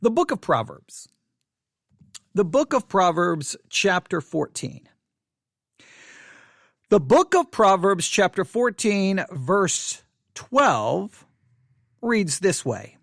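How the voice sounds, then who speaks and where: A man's voice: high-pitched, big pitch swings, slow pace, gravelly, long pauses, no room sound. A man hosting a live religious broadcast, talking in an agitated, emphatic and repetitive preacherly way, reading scripture aloud into a studio microphone. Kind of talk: live-streamed commentary with Bible reading.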